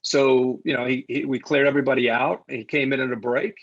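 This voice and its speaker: Husky-voiced man telling stories. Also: mid-range voice, lo-fi sound. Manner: animated, halting restarts. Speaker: sports broadcaster guest. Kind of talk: casual anecdotal storytelling.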